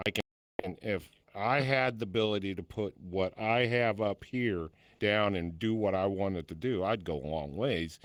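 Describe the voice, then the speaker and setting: A man's voice: on the low side, moderate pace, dry recording, studio quality. Blunt older man who swears freely. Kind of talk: casual podcast chat.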